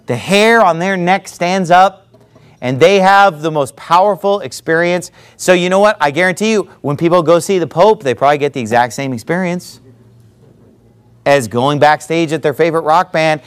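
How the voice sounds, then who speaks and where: A man preaching a sermon, talking in an animated way and sometimes mocking other preachers. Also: a little high, moderate pace, clear, resonant tone. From not from the American South.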